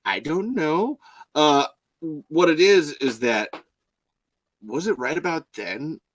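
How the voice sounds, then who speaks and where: Animated swearing podcast host, man. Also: a little high, slow, no echo, rough recording. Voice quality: profane, rambling, animated. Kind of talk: casual live podcast chat. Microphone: home podcast mic.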